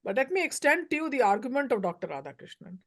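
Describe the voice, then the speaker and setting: A woman's voice: sits high, very animated, fast, a bit bright. A woman professor from India, giving emphatic lecturing remarks on a panel. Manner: emphatic, lecturing, stresses single words.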